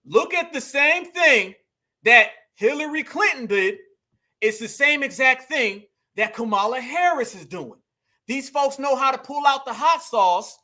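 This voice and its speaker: A man in talks straight to his audience like a preacher, calling them family. His voice sits high and rings bright. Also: expressive, measured pace. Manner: preachy, addresses viewers as family and y'all. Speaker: political commentary host. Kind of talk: casual political commentary.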